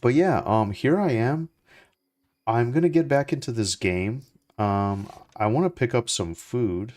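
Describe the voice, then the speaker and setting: A young man chatting casually as he plays, relaxed and rambling with lots of fillers and restarts. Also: medium pitch, measured pace. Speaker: gaming streamer. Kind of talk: casual gameplay commentary.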